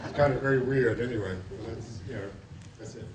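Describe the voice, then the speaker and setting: A man's voice: medium pitch, fairly quick, background noise. A man in the audience telling an anecdote in a hesitant, amused way. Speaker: audience member. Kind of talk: casual anecdote. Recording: distant roomy audience mic.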